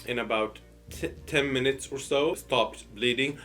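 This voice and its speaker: A man's voice: medium pitch, measured pace, fairly bright tone, faint music behind. A man casually telling a personal story while eating, hesitant and full of fillers and restarts. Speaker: storytime host.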